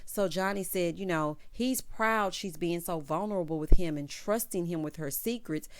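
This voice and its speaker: Speaking at a moderate pace in a fairly low pitch, a woman hosts a sassy, laid-back recap of a reality show, talking with features. Her chatty delivery is full of "honey" and "child."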